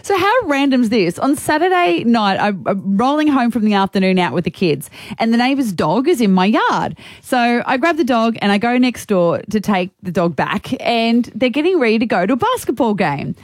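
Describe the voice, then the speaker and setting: Woman, radio host, chatty storyteller, slightly high voice, dry close studio sound. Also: normal speed, few pauses, no room sound. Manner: chatty, animated storytelling with laughs. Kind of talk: casual radio chat.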